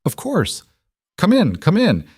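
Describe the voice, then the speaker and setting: A man's voice: sits high, huge pitch swings, slow pace, a little mellow, husky, dry recording, clean studio sound, pitched above the performer's own voice, exaggerated voice. A man voicing a polite, smiling older housekeeper who gushes over guests. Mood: welcoming. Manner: gushing, polite.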